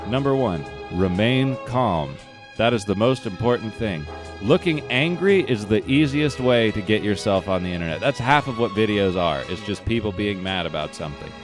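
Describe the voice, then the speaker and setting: A man's voice: on the low side, animated, brisk, over music. A young man hosting a podcast, telling a profane, self-mocking story in casual chat. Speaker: podcast host.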